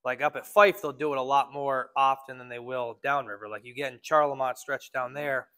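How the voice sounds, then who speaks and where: A man's voice: medium pitch, fairly even intonation, a little fast, sharp tone. A man working as a fishing guide, giving a casual talk to a club audience and speaking in a loose, filler-heavy way.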